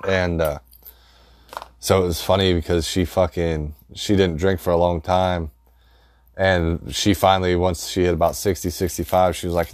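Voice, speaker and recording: Low-voiced man telling profane stories. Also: a little slow, darkish tone, no room sound. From rural dairy farm upbringing. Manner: profane, rambling, laughs at own stories. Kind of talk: casual comedic storytelling.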